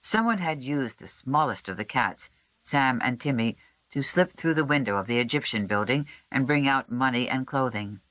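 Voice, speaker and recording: An audiobook narrator reading a historical novel in a measured, even storytelling voice. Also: mid-range voice, no echo. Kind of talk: scripted narration.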